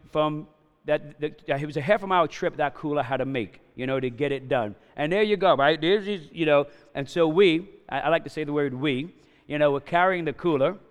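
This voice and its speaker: A man's voice: fairly high pitch, clear, resonant tone, in a large hall. A man in his fifties, a pastor preaching a sermon in a casual storytelling way, often checking in with "right?" and "you know?". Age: 50s.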